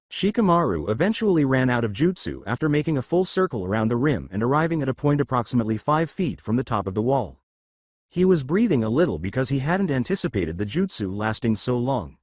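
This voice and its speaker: A man narrating a fan fiction story aloud in a steady reading manner. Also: mid-range voice, dry recording, clean studio sound.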